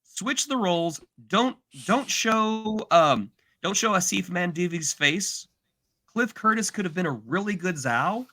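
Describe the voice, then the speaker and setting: A man co-hosting a podcast in casual, animated chat, exaggerating and slipping into mock voices. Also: high-pitched, a little slow. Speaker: podcast co-host.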